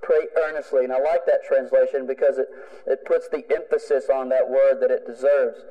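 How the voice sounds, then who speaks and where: A man's voice: mid-range voice, steady tone, brisk, in a large hall, narrow, tinny audio. A man preaching a sermon as a pastor, emphatic, driving home points with repeated phrases.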